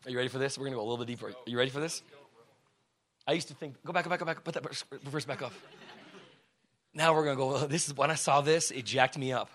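A man preaching a sermon to a congregation in slangy, conversational talk, swinging from shouts down to hushed words and often asking the crowd questions. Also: medium pitch, fast, pauses often. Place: church before a congregation.

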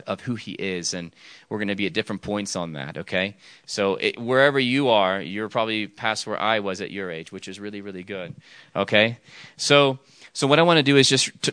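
A young man preaching to young people in a loose, chatty way, full of fillers, restarts and questions to the room. His voice sits a little low but comes across bright and forceful. It is recorded close and dry, with no room sound. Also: clear, resonant tone, dry recording. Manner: conversational, many fillers and restarts, asks the audience questions. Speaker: youth speaker. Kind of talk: casual sermon storytelling.

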